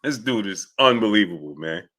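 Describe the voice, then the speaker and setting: Excitable man hosting a boxing livestream. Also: on the low side, moderate pace. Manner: excitable, reads out viewer messages, swings between loud and muttered. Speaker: host.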